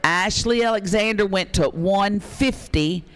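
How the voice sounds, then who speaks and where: A man runs a charity auction. He calls out bids with excitement, teases the bidders and keeps pushing the price up. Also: sits high, unhurried. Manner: excitable, urging bidders on, joking. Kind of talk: live auction calling.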